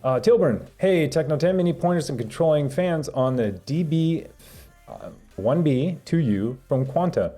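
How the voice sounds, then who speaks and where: A man's voice: a little high, expressive, moderate pace, dark tone, faint music behind. A young adult man hosting a live stream, reading chat questions aloud and rambling through answers with lots of fillers and restarts. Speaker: livestream host reading chat.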